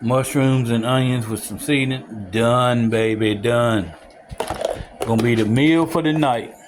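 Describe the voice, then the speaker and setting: A man's voice: mid-range voice, unhurried, noisy background. Folksy man cooking at home. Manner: folksy and chatty, talking straight to viewers, excited whoops. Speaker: home cook showing a recipe. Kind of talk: casual cooking video narration. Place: home kitchen.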